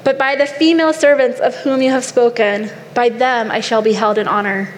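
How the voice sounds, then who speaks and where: A woman's voice: a little high, fairly even intonation, normal speed, lightly acted. A woman preacher voicing a devout king who answers his wife firmly and pointedly. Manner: pointed, firm. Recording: long hall reverb, faint noise.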